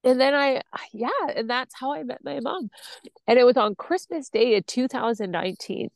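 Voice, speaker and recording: Woman guest telling her story, kinda high voice, blunt, swears a lot, acts out what people said, dry close sound. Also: moderate pace, vocal fry, no echo. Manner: blunt and impassioned, swears freely. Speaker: podcast guest. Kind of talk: personal storytelling.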